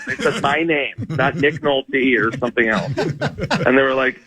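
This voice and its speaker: A man telling a funny story as a comedian guest on a radio show, rambling, self-mocking, with quick laughs. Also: medium pitch, crowd noise, low-quality recording.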